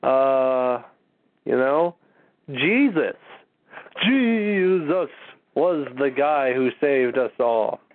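A man's voice: mid-range voice, animated, very slow, long pauses. A man hosting a casual call-in show, exasperated and mocking, swearing often. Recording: tinny phone-line audio.

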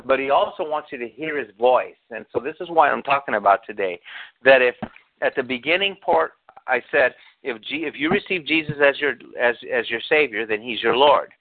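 A man's voice: medium pitch, expressive, brisk. A male pastor preaches in a conversational, storytelling way. He acts out the people in his stories and puts questions to his listeners. The sound is thin and tinny, like a phone line. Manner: storytelling, acts out quotes, asks the congregation questions. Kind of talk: sermon.

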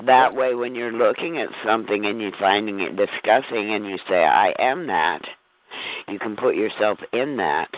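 A man in a casual chat, speaking in a reflective and emphatic way as co-host. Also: fairly low pitch. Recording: tinny phone-line sound.

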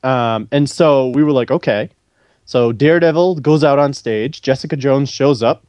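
A man co-hosting a podcast, telling a long story in casual chat, animated and swearing freely as he acts out what others said. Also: medium pitch, moderate pace, no room sound. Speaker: podcast co-host.

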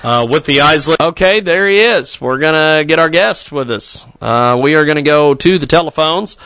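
A man's voice: a little high, expressive, moderate pace, bright, forceful tone, clean tone, dry recording. A man hosting a casual radio talk show, rambling and joking to himself between segments.

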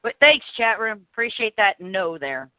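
A woman hosts a podcast and chats casually, telling her stories with animated energy. Her voice comes through a narrow, phone-like line. The sound is dry, with no room echo. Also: medium pitch, normal speed. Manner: chatty, animated storytelling with laughs. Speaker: podcast host. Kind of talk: casual chat.

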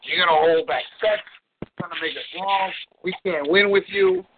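On a call-in show, a relationship coach with a high-sitting voice hands out blunt, preachy advice, repeating words to drive his points home. He talks at a normal speed over a noisy background, and the audio has a tinny phone-line quality.

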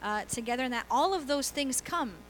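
A woman's voice: high-pitched, expressive, brisk, a little hiss or hum, low-quality recording. A woman pastor giving a conversational sermon, asking the congregation questions and laughing easily. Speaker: guest pastor.

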